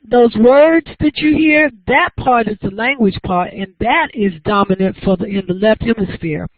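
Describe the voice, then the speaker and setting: A woman's voice: mid-range voice, dry recording. A woman giving a university lecture, explaining step by step and often checking that students follow. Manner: explanatory, checks understanding with frequent questions. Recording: dry, tinny lo-fi lecture recording.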